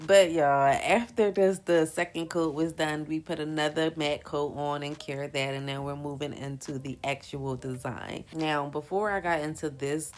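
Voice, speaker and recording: A young woman chatting casually to her viewers while she works on press-on nails, talking in a colloquial, friendly way. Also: low-pitched. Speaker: nail business vlogger.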